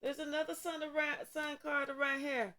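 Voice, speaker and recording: Speaking at a normal pace with a high, level, bright and pushed voice, a woman preaches through a tarot reading, repeating herself a lot and swearing often. The clip plays as a tarot vlog and spiritual pep talk.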